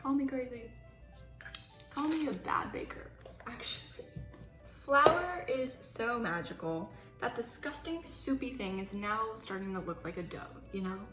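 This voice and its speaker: Speaking at a moderate pace with fairly even intonation and a higher voice, a young woman bakes and vlogs in her home kitchen. Her chat is casual, self-mocking and theatrical, and the echoey room carries faint background music.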